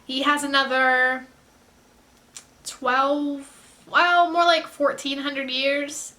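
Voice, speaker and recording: A woman with a fairly high, bright, forward voice gives casual reaction commentary. She rambles and effuses, often stopping to correct herself mid-sentence. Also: level tone, drawn-out words. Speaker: reaction video creator.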